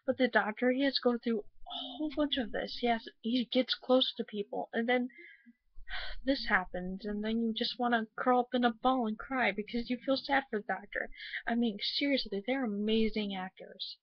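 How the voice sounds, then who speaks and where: A woman's voice: fairly high pitch, moderate pace, muffled recording. A young woman from the United States giving a casual, rambling video review, gushing with many fillers after crying. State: just finished crying. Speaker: vlogger.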